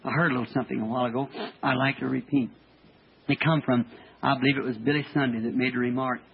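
A man preaching a fervent sermon testimony, halting and stammering as he tells his story. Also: mid-range voice, steady tone, gravelly, slightly rough. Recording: old tinny archival tape.

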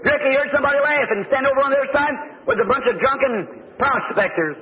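A man's voice: extremely high pitch, lively intonation, fast. A man preaching a sermon through a homespun story, drawling and rising to fervent exclamations, heard on a tinny, lo-fi old recording with faint hiss.

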